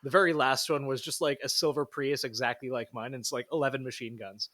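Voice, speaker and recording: A man from Canada co-hosts in a relaxed way, with mid-range pitch and dry humor. He is recorded close, on a dry mic with no room sound. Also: fast talker, no echo. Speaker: podcast co-host. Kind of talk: casual podcast chat.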